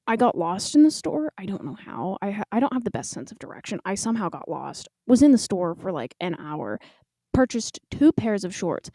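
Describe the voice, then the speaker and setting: A woman's voice: mid-range voice, very animated, brisk, warm tone, no echo. A woman in her twenties, a podcast co-host, tells a rambling story in a chatty, self-mocking way. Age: 20s.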